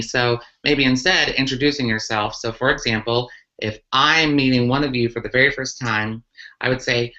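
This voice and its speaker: A woman's voice: very deep voice, normal speed, bright, forceful tone. A woman, a transgender activist, answering questions earnestly in a live online talk, with many ums and restarts. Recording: muffled lo-fi livestream audio.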